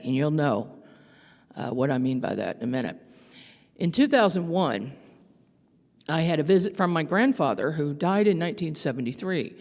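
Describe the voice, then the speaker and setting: A woman's voice: low-pitched, a little mellow. An older woman giving a conference talk, telling stories in a conversational way with fillers and restarts. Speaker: conference speaker. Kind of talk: storytelling talk. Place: large conference hall. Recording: long hall reverb.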